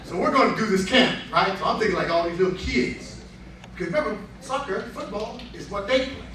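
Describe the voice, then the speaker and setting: A man telling a lively story at a reunion event, acting out the voices of the people in it and laughing along. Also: sits high, brisk, slight background noise. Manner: animated, laughing storyteller who acts out quotes. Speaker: honoree giving a speech. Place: banquet room with crowd. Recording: roomy hall, far from the mic. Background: crowd murmur and laughter.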